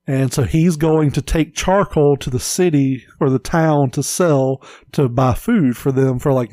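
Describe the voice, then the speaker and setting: Mellow-voiced dude rambling on a podcast, swears a ton, kinda high for a guy. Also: dry recording. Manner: swears a lot, rambling storyteller. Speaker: podcast co-host. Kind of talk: casual podcast chat.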